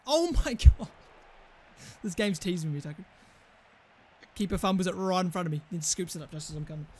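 A man's voice: sits high, fairly even intonation, quick pace, a little hiss or hum. A young man hosting casual gaming banter, swearing and venting in frustrated outbursts at the game. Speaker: gaming channel host.

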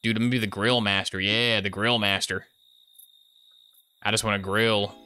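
A man's voice: fairly low pitch, fairly even intonation, moderate pace, pushed and bright. A young man commenting on his gameplay live, joking and muttering asides into a desk microphone. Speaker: gaming streamer.

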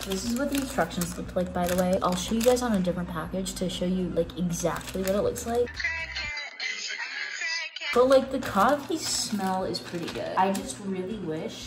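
A woman's voice: medium pitch, animated, moderate pace. Young woman vlogging at home, rambly and blunt, says "like" a lot, noisy clicky audio. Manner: chatty, rambling, full of "like" fillers, blunt and swearing. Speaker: YouTuber reviewing a product. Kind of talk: casual vlog chat. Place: room at home. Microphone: camera on a tripod. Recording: background noise with clicking sounds.

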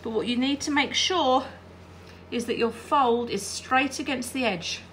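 Woman, high voice, crisp and bright, quilting tutorial, chatty, keeps checking in. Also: unhurried, slight background noise. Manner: chatty, checks in with "all right?". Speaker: quilting teacher. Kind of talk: hands-on craft tutorial.

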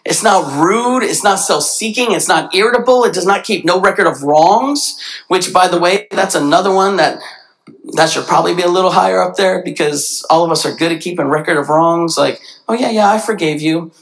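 A man preaching a sermon in a church, animated, often jumping into quoted voices. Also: fairly quick, vocal fry, rough recording. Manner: animated, acts out quoted voices with big pitch jumps. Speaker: pastor. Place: church sanctuary.

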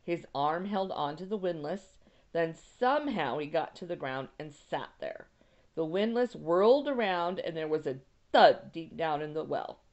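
Low, gravelly woman reading a story aloud. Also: lively intonation, unhurried, a little mellow, lo-fi sound. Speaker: teacher. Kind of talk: reading a novel chapter aloud with explanations.

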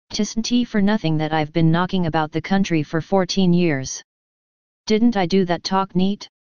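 A woman voicing an Englishman disguised as a mad wandering priest, speaking in a loud, slow, proclaiming way. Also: fairly low pitch, smooth, no room sound, muffled recording, lightly acted. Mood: sly.

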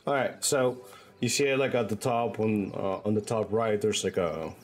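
A man's voice: on the low side, moderate pace. Loose, profane man chatting over faint music. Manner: loose, profane, rambling with many restarts. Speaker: streamer. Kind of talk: casual stream chat.

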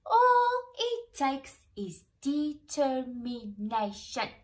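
A woman's voice: high voice, big pitch swings, slow, a bit bright, heavily acted. Woman voicing a determined storybook cow. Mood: resolute. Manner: earnest and resolute. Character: determined, earnest female cow.

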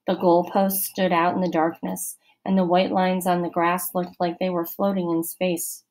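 A woman reading a children's novel aloud as a first-person narrator, steady and expressive. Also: fairly low pitch, normal speed, poor audio. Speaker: audiobook narrator.

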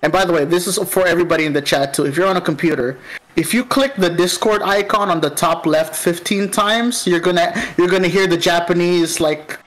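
A man in casual chat with friends on a stream, excitable and laughing often. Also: high-pitched, brisk.

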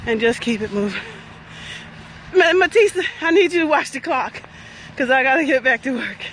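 A cheerful, high-voiced woman chats to her viewers as she power-walks through a garden by a lake. She keeps the energy up and hypes herself along the way. The phone audio picks up a clear wash of passing traffic and city noise. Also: lively intonation, a bit bright, rough recording. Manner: upbeat and cheering, talks while walking briskly. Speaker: wellness facilitator hosting a walking livestream. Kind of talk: live walking vlog, chatty. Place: outdoors in a lakeside garden with traffic nearby.

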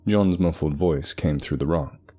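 Deep, mellow man narrating horror: measured and deliberate.

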